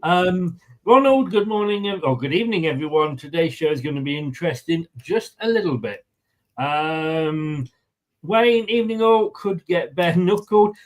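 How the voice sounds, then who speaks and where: A man's voice: on the high side, lively intonation, normal speed. A man co-hosting a fan live stream, chatting casually and reading out viewer comments. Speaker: fan channel co-host.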